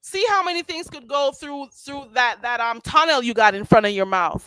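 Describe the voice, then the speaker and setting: A woman hosting a livestream, chatting in a sassy, animated way and laughing often. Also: high voice, normal speed, hardly any pauses, no room sound. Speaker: livestream host. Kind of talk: casual commentary chat.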